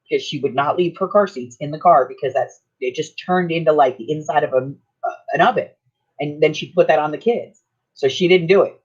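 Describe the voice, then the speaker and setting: A woman's voice: fairly low pitch, slightly rough. An older woman hosting her own channel, telling stories in a chatty, folksy way and laughing often. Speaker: craft channel host. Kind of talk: casual storytelling chat. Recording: dull lo-fi sound.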